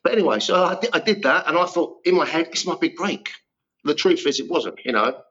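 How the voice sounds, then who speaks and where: A man's voice: fairly high pitch, lively intonation, fairly quick, fairly bright tone, dull audio. A man in his fifties, a guest actor telling rambling, self-deprecating stories in a casual interview. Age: 50s.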